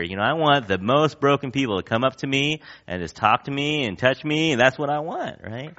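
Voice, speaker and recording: A man's voice: medium pitch, lively intonation, a little fast, hardly any pauses, fairly bright tone, dull audio. A man preaching a sermon in a conversational way, often asking the congregation questions. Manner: conversational, asks the crowd questions, acts out quotes. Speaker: pastor.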